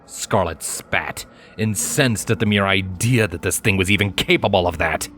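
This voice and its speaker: A man reading fan fiction aloud in a measured, dramatic narration. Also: low voice, a bit bright, a little hiss or hum. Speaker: fanfiction reader. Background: faint background music.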